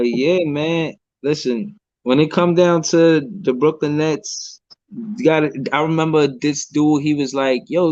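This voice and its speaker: A man's voice: a little high, a little mellow, dry recording, highs cut off. Slangy man ranting about basketball. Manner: slangy, emphatic, repeats his points. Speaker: sports podcast host. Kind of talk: casual sports talk. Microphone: phone.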